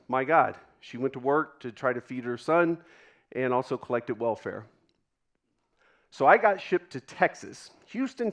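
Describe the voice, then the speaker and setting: A man giving a deeply personal storytelling talk on stage to a live audience, pausing for effect and dropping to a hush at tender moments. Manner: dramatic pauses, drops to a hush for quoted moments. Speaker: keynote speaker.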